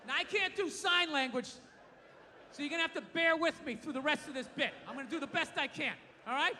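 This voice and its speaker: A male stand-up comedian performing on a club stage, ranting loudly and swearing often. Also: extremely high pitch, brisk, slight background noise. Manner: profane, ranting, loud. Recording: live venue with reverb and audience.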